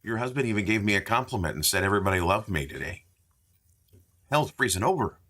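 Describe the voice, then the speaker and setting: Talking at a rapid-fire clip, this man has a fairly low, expressive voice that comes across bright and forceful. He's running a live card-opening stream indoors at a store, bantering with viewers and announcing each card name in relaxed, casual commentary.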